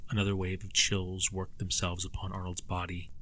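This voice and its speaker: Deep-voiced man narrating an audiobook. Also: completely flat delivery, sharp tone, slight background noise. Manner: measured, somber.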